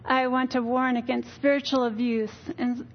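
A woman's voice: on the high side, level tone, moderate pace, highs cut off. An older woman giving a weary, earnest personal testimony in church, telling her story candidly. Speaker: church speaker.

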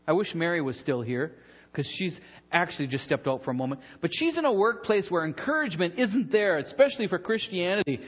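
A man with a high, lively voice preaching to his congregation. He talks in an easy, conversational way, breaks off for humorous asides and comes back to his point. The recording is a little dull, as if taken from a church system. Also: brisk, breathy edge, long reverb tail. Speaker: pastor. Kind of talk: sermon.

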